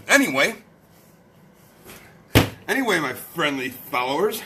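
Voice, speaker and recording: A man's voice: high voice, very animated, measured pace, long pauses, noisy background. A man hosting a late-night live stream, rowdy, profane and joking, a little tipsy from beer.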